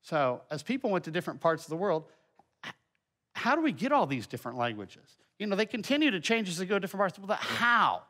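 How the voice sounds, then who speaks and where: Guy teaching a kids bible class, high bright voice, chatty and folksy. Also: big pitch swings, fast talker. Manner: folksy and conversational, with many asides and filler words. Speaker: teacher presenting a children's Bible lesson. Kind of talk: presentation lesson with slides.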